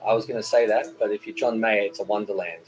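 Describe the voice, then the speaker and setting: This cooking channel host talks fast in a steady, lowish voice while hosting a relaxed live chat. He reads viewer comments aloud, wandering and cracking jokes with plenty of fillers, and the recording quality is poor.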